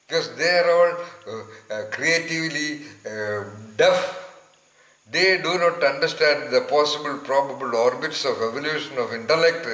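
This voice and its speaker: A man giving an informal spiritual talk to listeners, emphatic and rambling, often pausing to search aloud for words. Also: medium pitch, a bit bright, roomy sound, slight background noise, low-quality recording.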